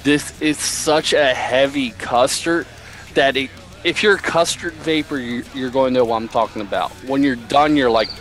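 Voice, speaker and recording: A man's voice: medium pitch, a bit bright, soft background music. Profane, rambling man reviewing products. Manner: rambling and profane, slow drawl. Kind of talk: casual product review chat.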